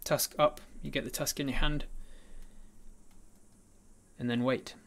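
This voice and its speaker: A man's voice: mid-range voice, fairly even intonation, measured pace, vocal fry, fairly bright tone, slight background noise. A man narrating a tabletop role-playing game as game master, describing the scene with frequent ums and uhs.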